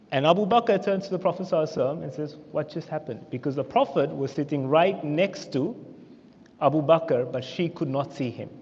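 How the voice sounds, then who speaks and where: An Australian man teaching a religious history class in a mosque, telling the story with animated, acted-out quotes. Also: on the high side. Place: mosque hall. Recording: echoey hall, muffled lo-fi sound.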